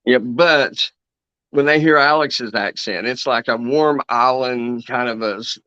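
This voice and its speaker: Man with Kentucky accent, bright voice, sarcastic and joking, lo-fi line. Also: medium pitch, unhurried, smooth, no room sound. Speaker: guest. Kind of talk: casual chat. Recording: muffled lo-fi audio.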